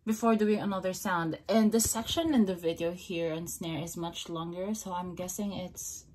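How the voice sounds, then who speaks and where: A woman's voice: on the low side, steady tone, normal speed, darkish tone. A woman vlogging casually and talking to herself, hesitant, repeating beatbox syllables over and over.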